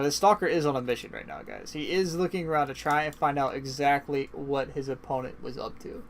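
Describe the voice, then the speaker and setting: A man giving casual, chatty play-by-play commentary on a strategy game match, swinging into excited bursts, and sounding tired. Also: a little high, slight background noise. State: yawning, tired. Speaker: esports caster.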